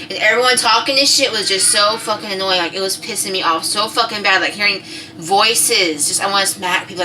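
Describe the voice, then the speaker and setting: Chatty woman, bright voice. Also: medium pitch, fast, recorded from a distance, slight background noise, poor audio. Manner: chatty, swears freely, acts out quotes loudly. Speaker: vlogger. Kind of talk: casual storytelling to camera.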